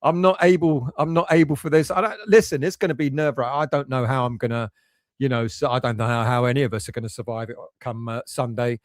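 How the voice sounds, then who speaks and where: Excitable football fan host, dry sound. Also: male voice, medium pitch, quick pace, no echo. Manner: emotional, excitable, swings between nervous and resigned. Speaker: fan channel host reading chat. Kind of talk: casual live-stream chat.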